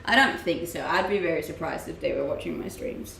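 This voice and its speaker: A woman's voice: low-pitched, a little fast, gravelly, fairly bright tone, a little hiss or hum. A young woman from Denmark with a Danish accent, chatting casually on a live stream and answering viewers' questions, laughing often. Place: room at home, streaming. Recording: roomy home-mic sound.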